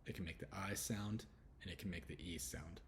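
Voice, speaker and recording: A man from Texas with a Texan accent, casually teaching English letter sounds and repeating each sound slowly. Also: deep voice, steady tone, slight background noise. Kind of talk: casual pronunciation lesson.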